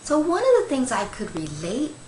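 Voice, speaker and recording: An older woman, a grandmother, giving a gentle, rambling devotional talk on Christian meditation, with many fillers. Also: high-pitched, wildly swooping pitch, normal speed, roomy sound, a little hiss or hum, rough recording.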